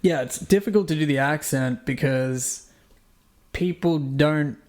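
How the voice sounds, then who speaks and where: A man's voice: on the high side, measured pace. A man with a general Australian accent, chatting animatedly as a podcast co-host. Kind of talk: casual chat.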